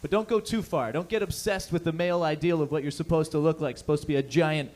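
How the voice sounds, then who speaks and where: A man's voice: a little high, fast talker, darkish tone. A young man doing a stand-up set, with profane, rambling, conversational talk. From Canada. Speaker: stand-up comedian.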